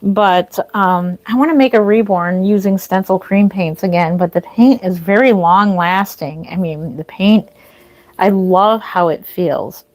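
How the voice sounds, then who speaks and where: A woman's voice: medium pitch, measured pace, darkish tone. Chatty woman livestreaming from home. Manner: rambling, chatty, with frequent restarts and laughs. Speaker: reborn doll artist hosting a livestream. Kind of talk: casual livestream chat. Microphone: phone or camera mic, walks away at times.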